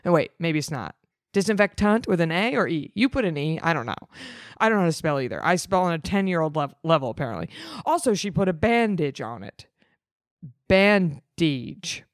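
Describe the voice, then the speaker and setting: A woman's voice: low voice, dry recording, clean studio sound. Sarcastic woman reading a story aloud. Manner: sarcastic, deadpan asides between read lines. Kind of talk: comedic reading with sarcastic asides.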